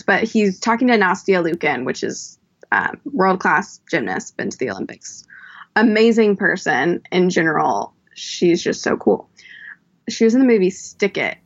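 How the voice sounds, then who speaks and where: A woman guest on a podcast, chatting casually and telling stories with quick asides. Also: medium pitch, very animated, creaky. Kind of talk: casual chat. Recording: dull lo-fi sound.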